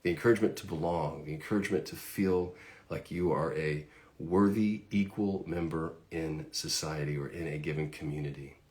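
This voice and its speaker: A man's voice: a bass voice, normal speed, darkish tone. A middle-aged man giving a casual, conversational faith talk and reading scripture, with fillers and asides.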